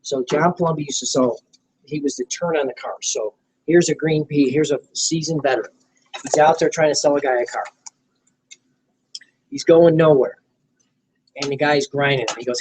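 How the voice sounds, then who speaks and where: A man training a small group in network marketing, animated and coaching, often acting out sales dialogue. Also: on the high side, moderate pace, slight background noise, rough recording.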